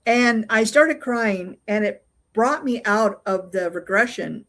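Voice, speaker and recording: An older woman speaking at an average pitch as an interview guest. She tells a personal story in a casual, unpolished way. She stops often on filler sounds and restarts her sentences. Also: fairly bright tone. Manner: halting, full of fillers and restarts while recounting. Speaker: interview guest, UFO investigator.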